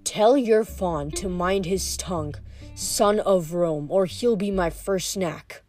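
Lycaon, a low snarling werewolf king, as a woman reads him. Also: slow, a little mellow, soft background music. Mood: menacing. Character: menacing male werewolf king, cruel and hungry.

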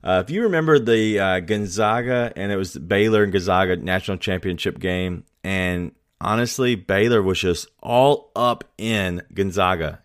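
A man co-hosting a casual sports podcast, talking in a relaxed, rambling way with many fillers. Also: lowish voice. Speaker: podcast co-host.

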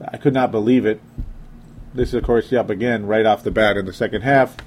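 A man's voice: on the low side, steady tone, fairly quick, a little hiss or hum. A young man hosting a casual sports talk show, reading listener comments aloud and joking around. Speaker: sports podcast host.

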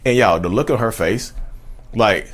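A man's voice: fairly low pitch, moderate pace, a bit bright, breathy edge. A man telling a personal story in a casual, rambling way, repeating phrases and talking straight to his listeners.

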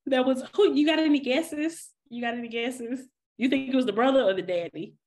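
A woman co-hosting a podcast, chatting casually with an animated, laughing manner. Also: sits high, brisk. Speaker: podcast co-host. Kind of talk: casual chat.

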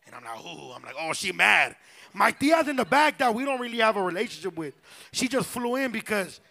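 High gravelly guy telling stories. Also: big pitch swings, fairly quick, bright, forceful tone. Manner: slangy, profane, rambling. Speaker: podcast co-host. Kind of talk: storytelling on a live stage. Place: live pop-up show venue.

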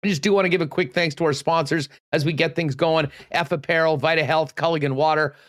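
A man hosting a sports talk show, energetic and loose, saying he is losing his voice. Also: fairly high pitch, fast talker. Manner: energetic, loose, with many fillers. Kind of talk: casual radio sports talk.

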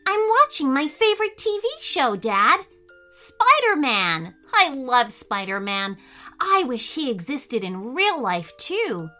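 An excited little boy with a high, bouncy voice that leaps all over the place, put on by a woman reading a children's story. He squeals with breathless wonder at his hero, in bright, crisp tones over faint music. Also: takes it slowly, full character voice. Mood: sleepy. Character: excited little boy, wide-eyed superhero fan.

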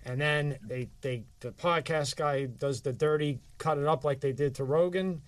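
A man's voice: a little high, moderate pace, dry recording. A man hosting a podcast, talking bluntly in casual chat and swearing freely. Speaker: podcast host.

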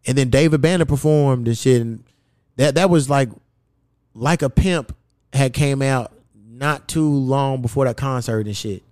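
A man's voice: measured pace, a little mellow, no room sound, studio quality. Young man telling profane stories. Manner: profane storytelling, swings pitch high for quoted asides. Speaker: podcast host. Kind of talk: casual podcast chat.

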